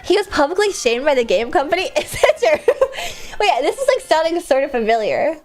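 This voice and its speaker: A woman streamer chatting casually and rambling with lots of fillers, breaking into sudden loud outbursts while she plays a game. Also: sits high, very animated, brisk, soft background music. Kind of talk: casual live-stream chat while gaming.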